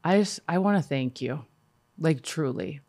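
Low-voiced woman interview host. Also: lively intonation, a little slow. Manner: warm affirming, lots of "yeah" and "so good". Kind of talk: conversational interview.

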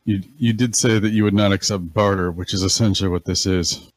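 A man playing a tabletop game, laid-back and quick to laugh. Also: low-pitched, fairly even intonation, dry recording. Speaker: player. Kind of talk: casual tabletop game play.

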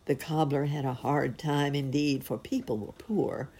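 A woman telling a fairy tale as a storybook reading, expressive and unhurried. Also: deep voice, slightly rough.

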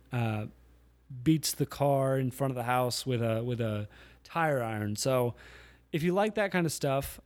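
A man's voice: mid-range voice, darkish tone. Man, podcast host, casual solo chat, rambling storyteller, self-correcting, mid-range voice.

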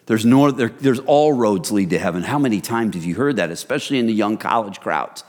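A middle-aged man preaching a sermon as pastor, in a relaxed, conversational way that speaks to listeners as "you guys". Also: on the low side, brisk. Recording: reverberant hall.

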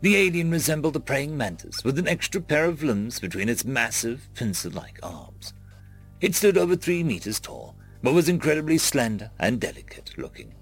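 A man narrates a story in a measured, expressive way. His voice is gravelly and rises and falls in lively pitch. Soft music plays underneath.

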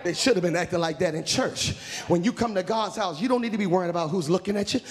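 Preacher, comic storyteller, high gravelly voice, long church reverb. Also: male voice, quick pace. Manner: animated, humorous, shouting preacher. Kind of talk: storytelling sermon. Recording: echoey church hall.

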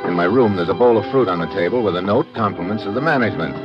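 An actor playing a tough American private eye who narrates in clipped, hard-boiled lines in a 1940s radio drama. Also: male voice, on the low side, animated, very fast, lightly acted. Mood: tense. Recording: dull old radio recording with music.

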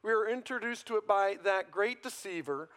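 A man's voice: high voice, expressive, normal speed, a bit bright. A man preaching a sermon in a conversational way, often checking in with "right?", his voice swelling and dropping for emphasis. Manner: conversational preaching, frequent "right?" tag questions. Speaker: pastor.

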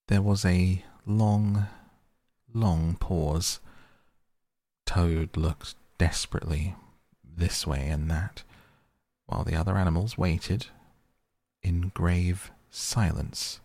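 A man reading a storybook aloud as narrator, slow and deliberate. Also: deep voice, fairly even intonation, dark tone, dry recording.

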